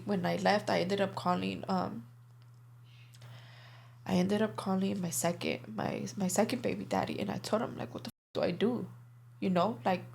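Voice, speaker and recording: A young woman speaks as a guest in a casual interview, telling her story candidly. Her talk is loose and profane, full of filler words. Her pitch sits in a middle range for a woman. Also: creaky, a little hiss or hum.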